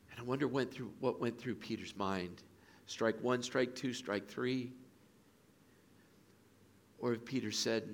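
A middle-aged male pastor preaching a sermon in an auditorium, telling a story with lively acted-out voices. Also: medium pitch, a little slow, gravelly. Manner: animated storytelling, acts out quoted voices.

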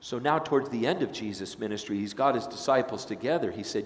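A male pastor preaching a sermon in a casual storytelling way, slipping into the voices of the people he describes. His medium-pitched voice fills a large sanctuary. It comes back with a long, roomy reverb. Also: lively intonation, fast talker. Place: church sanctuary.

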